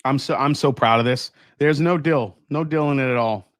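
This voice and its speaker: A relaxed, enthusiastic man chats on a whiskey livestream, reading viewer comments as they come in. His voice sits at an ordinary male pitch and is heard close and dry, with no room sound around it. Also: normal speed, no room sound. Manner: relaxed, enthusiastic, laughs often. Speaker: whiskey channel host. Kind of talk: casual livestream chat, reading super chats.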